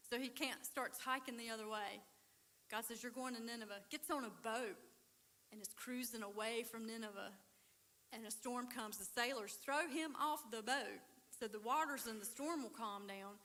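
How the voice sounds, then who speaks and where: A woman giving a conversational sermon at a church recovery ministry, telling Bible stories with animated, acted-out dialogue. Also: a little high, normal speed. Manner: animated storytelling, acts out biblical characters.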